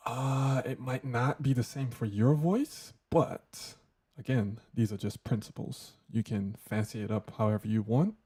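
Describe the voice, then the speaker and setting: A man's voice: medium pitch, unhurried, dark tone, husky. A man hosting a casual hands-on audio tutorial, joking loosely and talking through settings as he tests them. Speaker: tech tutorial host.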